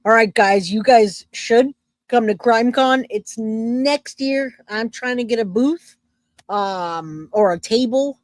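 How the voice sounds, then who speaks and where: A woman's voice: on the high side, slow, no room sound. A woman hosting a true crime livestream, chatting loosely with her viewers and reading comments aloud. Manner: loose and chatty, self-interrupting, laughs easily.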